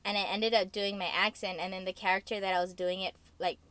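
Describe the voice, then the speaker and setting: A woman's voice: medium pitch, level tone, quick pace, fairly bright tone. A bubbly young woman who acts, co-hosting a casual chat, laughing often and using lots of fillers. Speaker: co-host, actress.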